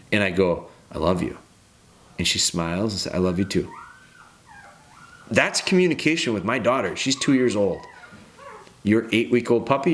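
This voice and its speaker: A man's voice: lowish voice, a bit bright. A man in his thirties hosting a dog-training podcast, ranting bluntly and emphatically, with restarts.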